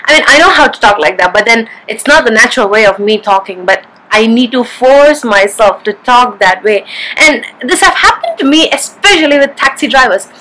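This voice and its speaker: A woman from India's Kerala region chats to the camera in a casual, giggly way. Her voice sits a little on the high side. She tells her stories with lively energy. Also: normal speed, a little hiss or hum, rough recording. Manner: chatty, giggly, animated storytelling. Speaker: vlogger.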